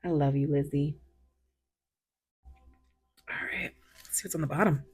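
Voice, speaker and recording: A woman chats her way through a tarot reading in a low, husky voice worn hoarse by recent illness. She talks slowly and rambles, laughs often, and slips into whispered asides. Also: steady tone. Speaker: tarot reader. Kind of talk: casual tarot reading chat.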